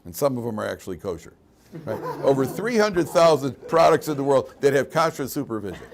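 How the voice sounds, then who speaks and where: Male rabbi, mid-pitched, very expressive delivery, chatty class with humor. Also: fairly quick, a crowd in the background. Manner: animated storyteller, jokey asides, frequent restarts. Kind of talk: informal Torah class with a told story.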